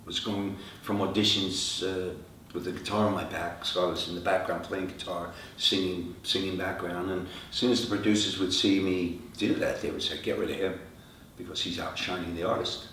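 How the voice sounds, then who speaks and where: A middle-aged man, a rock singer, telling lively stories in an interview and acting out the voices of the people in them. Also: sits low, normal speed. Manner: animated anecdotes, acting out quoted dialogue. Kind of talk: storytelling interview answers. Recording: echoey room, from far off, faint noise.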